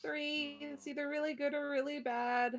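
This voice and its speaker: A woman's voice: sits high, level tone, normal speed. A woman playing a tabletop game, bantering and giggling as she rolls dice. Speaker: player. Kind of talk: casual tabletop game chat.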